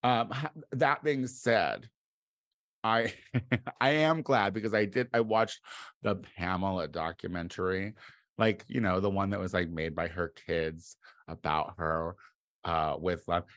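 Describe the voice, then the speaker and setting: American guy, kinda low voice, rambling comedy rant, swears a lot, dry close sound. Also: steady tone, unhurried, dry recording. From United States. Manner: rambling and profane, with sudden loud outbursts. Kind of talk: casual comedic monologue.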